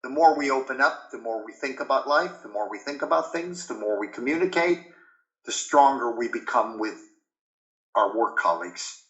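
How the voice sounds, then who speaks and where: Older man, American accent, bright tone, roomy dull video-call sound. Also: mid-range voice, lively intonation, moderate pace. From United States. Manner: heartfelt, earnest, emotional when recalling honors. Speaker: interview guest. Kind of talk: warm reflective conversation.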